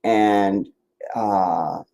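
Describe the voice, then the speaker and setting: Speaking extremely slowly in a lowish, steady, mellow voice, a weary man from the Washington DC area hosts a livestream. The chat is casual and meandering, packed with restarts and asides.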